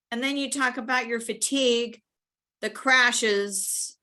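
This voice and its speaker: A bright, clear-toned woman talks through a speech evaluation over a video call. She is chatty and encouraging, with quick asides where she acts out what she thought. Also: fairly high pitch. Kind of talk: spoken feedback on a speech.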